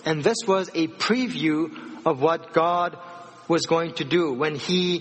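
A man preaching a sermon, retelling scripture with animated voices for the people in the story. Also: on the high side, slow, big-room sound. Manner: animated storytelling, acting out dialogue.

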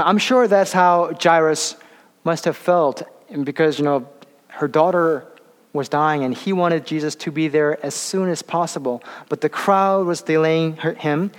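A man preaching a sermon, speaking haltingly with many fillers and restarts and slowing down for emphasis. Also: on the high side. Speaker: pastor. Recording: long hall reverb.

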